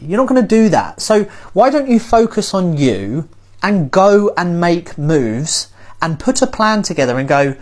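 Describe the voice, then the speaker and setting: Speaker, middle pitch, very lively intonation, emphatic lecturing rant, repeats points. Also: measured pace. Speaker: TikTok commentator. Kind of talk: motivational rant to camera.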